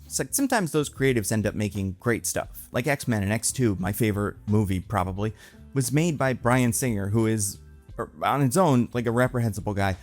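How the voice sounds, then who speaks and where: Guy in his 30s riffing on comics, chatty and animated, bit of music under him. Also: mid-range voice. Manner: animated, chatty, lots of "like" fillers. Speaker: movie commentary host. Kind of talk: casual solo commentary.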